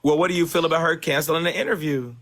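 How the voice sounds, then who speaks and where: A man's voice: fairly high pitch, fairly even intonation, rapid-fire, fairly bright tone, a little hiss or hum. A man hosting a livestream panel, easygoing, thanking viewers and reading out comments. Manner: easygoing, coaxing, reads out comments.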